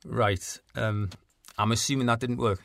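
A man's voice: medium pitch, steady tone, a little slow, vocal fry, fairly bright tone, no room sound. A man hosting a mock documentary interview, awkward and condescending.

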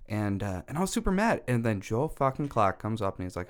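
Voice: mid-range voice, sing-song, fast. A podcast co-host in casual chat, joking and teasing and putting on mock voices.

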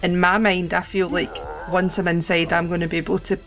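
A woman's voice: lowish voice, flat delivery, brisk, fairly bright tone, faint music behind. A woman playing a tabletop horror game, laughing as she describes her character's actions. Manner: gleeful, laughing through gory descriptions. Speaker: player.

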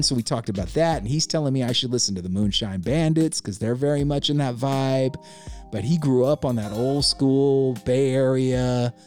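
A man hosting a podcast, telling a story in a laid-back, slangy way with lively energy. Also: medium pitch. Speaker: podcast host. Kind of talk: casual storytelling.

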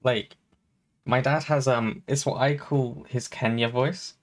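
A man's voice: medium pitch, steady tone, slow pace. A man co-hosting a podcast in casual chat, rambling and chatty with many fillers. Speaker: podcast co-host and streamer.

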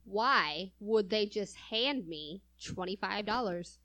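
A woman's voice: mid-range voice, expressive, takes it slowly, fairly bright tone. A woman co-hosting a casual chat show, who laughs often and reads stories out with dry sarcasm. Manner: giggly, chatty, with dry sarcasm. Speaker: podcast co-host.

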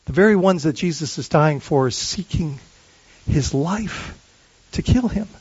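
A man preaching as pastor, his voice set high for a man. He talks in an earnest way, often stumbling and restarting phrases, and puts questions to his listeners. The recording is dry and a little dull. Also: expressive, unhurried, a little mellow, slightly rough, no echo. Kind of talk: sermon.

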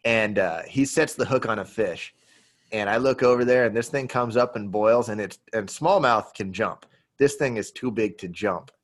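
A man on a podcast telling a fishing story in a casual, animated way, now and then acting out quotes. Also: moderate pace. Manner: animated storyteller, acts out quotes in a high yelling voice. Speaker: podcast host and pro angler.

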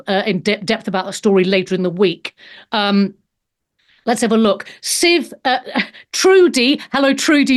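A woman hosts a live show and gushes fondly over callers, stumbling and restarting mid-sentence. Her voice sits fairly high for a woman. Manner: effusive, affectionate, halting. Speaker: host. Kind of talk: live talk show chat.

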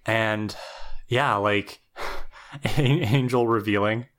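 Thoughtful low-voiced man analysing. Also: drawn-out words, a bit bright. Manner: thoughtful, explanatory, with frequent "like" and "right?". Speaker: podcast co-host. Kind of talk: casual chat analysing a TV episode.

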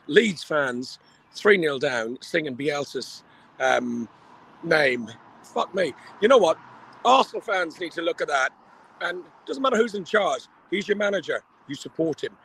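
A man with a slightly high, husky voice talks fast and excitedly down a phone held to his ear. He rambles and swears freely, calling in from the street. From Ireland. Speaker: live correspondent at the match. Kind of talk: excited phone call from a match. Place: outdoors near a stadium.

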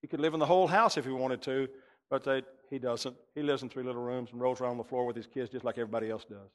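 A man preaching from the pulpit, spinning a personal story and jumping into the voices of the people in it. His mid-pitched voice rings out through the long reverb of a church hall. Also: very fast. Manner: animated storyteller acting out dialogue. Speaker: pastor. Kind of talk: sermon with storytelling. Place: church sanctuary.

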